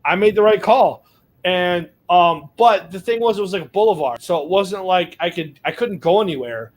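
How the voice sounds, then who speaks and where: A man's voice: sits high, moderate pace. A man telling a long, rambling story in casual podcast chat, full of fillers and swearing. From United States. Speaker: podcast co-host.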